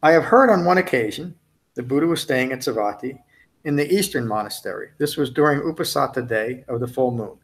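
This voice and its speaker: A man's voice: medium pitch, expressive, a little fast. A man teaching at a meditation retreat, speaking conversationally to the group, often ending points with tag questions and restarting sentences as he goes. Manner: restarts and self-corrections mid-sentence. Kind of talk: dharma talk to a retreat group.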